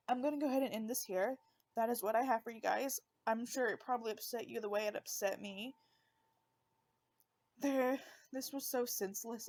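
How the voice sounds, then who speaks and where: Woman, true-crime podcast host, casual delivery on the edge of tears, slightly high voice. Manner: emotional, fighting back tears; conversational with fillers.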